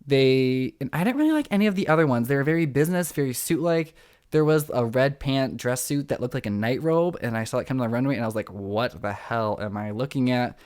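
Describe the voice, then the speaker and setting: An excitable young man hosts a casual podcast recap of reality TV. He talks fast and throws himself into the drama. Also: medium pitch. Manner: excitable, dramatic, acts out quotes. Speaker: podcast host.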